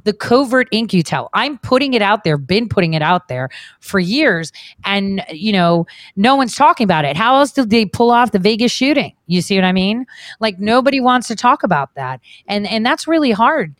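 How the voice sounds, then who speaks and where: A woman's voice: mid-range voice, expressive, normal speed, no room sound. Chatty woman asking rhetorical questions. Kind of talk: casual political talk.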